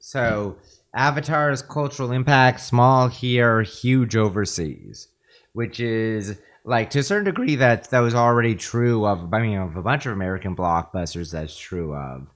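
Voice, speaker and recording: A man with a somewhat low voice, co-hosting a podcast. He gives casual, opinionated takes in an offhand way, dropping in fillers as he goes. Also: expressive, measured pace.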